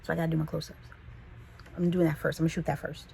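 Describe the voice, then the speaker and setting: A woman from the San Fernando Valley with a Californian accent, telling a casual storytime vlog in a chatty, animated way. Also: sits low, rapid-fire, gravelly, a little hiss or hum, low-quality recording. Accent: Californian English. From Los Angeles, the Valley. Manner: chatty, animated, quotes people in voices.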